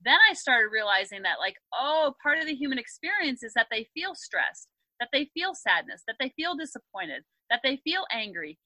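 A woman in her thirties, a parenting coach and podcast guest, explaining her approach in a lively conversational way, often acting out quotes. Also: on the high side, moderate pace, hardly any pauses, dry recording, rough recording. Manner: upbeat, animated storytelling with acted quotes. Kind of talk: conversational interview.

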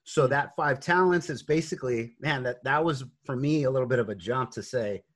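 A man's voice: mid-range voice, fairly quick, a bit bright. Earnest man with many restarts. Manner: earnest, faith-driven, many fillers and restarts. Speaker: guest, real estate investor. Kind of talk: conversational interview storytelling.

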